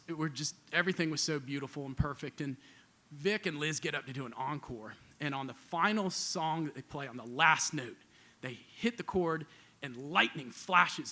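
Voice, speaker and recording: A man telling a personal story live on a club stage into a stage mic, casual and animated, acting out quoted voices between fillers. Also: a little high.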